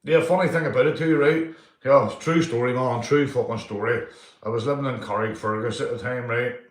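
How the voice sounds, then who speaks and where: A man's voice: mid-range voice, steady tone, fairly quick. Rambling sweary Northern Irish man, roomy echo. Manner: rambling, sweary, laughs through his stories, peppers lines with "mate". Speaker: live streamer. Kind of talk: rambling live-stream storytelling and shout-outs.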